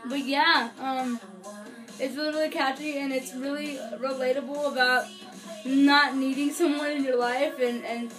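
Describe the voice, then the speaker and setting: Young woman vlogger, high and chatty, gushing album review with music playing under her voice. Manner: chatty, gushing, many fillers. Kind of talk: casual album review vlog. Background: song playing in background.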